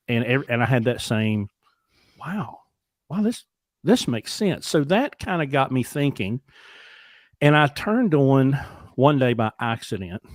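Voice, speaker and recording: A man's voice: fairly low pitch, dry recording, studio quality. A man in his forties telling stories in a candid, self-deprecating and reflective way, now and then swearing, as a podcast co-host. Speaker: podcast co-host, trucking company. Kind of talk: casual conversational storytelling.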